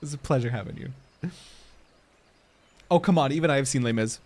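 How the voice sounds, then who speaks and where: A man's voice: mid-range voice, lively intonation, normal speed, vocal fry, long pauses, darkish tone. A man streaming a game, chatting casually with his viewers, laughing often and swearing freely. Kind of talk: casual live-stream chat while gaming.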